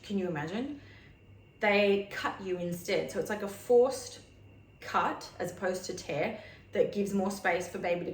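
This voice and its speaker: A woman's voice: mid-range voice, reverberant, slight background noise. A young woman telling her birth story in a casual, vivid way, acting out the voices she quotes.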